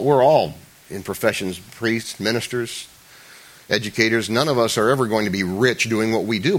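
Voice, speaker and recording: A man preaching a sermon to a church congregation. He talks conversationally, jokes with the listeners and restarts often, and he rises loud and high for emphasis. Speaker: pastor.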